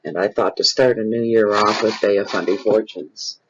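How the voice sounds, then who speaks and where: A man, hosting his own tarot channel and talking casually and off the cuff to viewers. He is expressive and rambling, and he repeats phrases for emphasis. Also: fairly low pitch, moderate pace, background noise. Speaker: tarot reader and channel host. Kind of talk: casual improvised spiritual talk to viewers. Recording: dull lo-fi recording.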